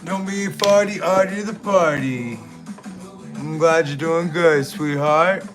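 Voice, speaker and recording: A man hosts a live stream in a rambling, goofy manner, throwing crude jokes at his viewers. His voice sits a little high and he takes his time with every phrase. Music plays clearly in the background. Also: slow. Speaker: livestream host.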